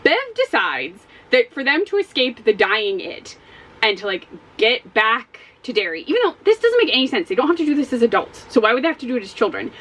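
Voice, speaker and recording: A woman giving a casual spoken book review as a vlogger, animated and exasperated, swearing often. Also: fairly high pitch, a little fast, low-quality recording.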